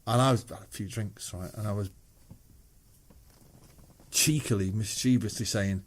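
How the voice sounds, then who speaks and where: Lowish in pitch and at a normal speed, a middle-aged Mancunian man—a guest musician—relates anecdotes over casual chat, swearing liberally and acting out quoted voices.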